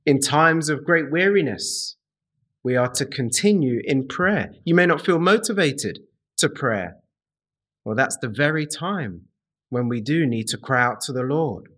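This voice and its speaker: A man preaching a sermon to a congregation in a slow, deliberate way, repeating key phrases and speaking to his listeners directly. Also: mid-range voice, a bit bright.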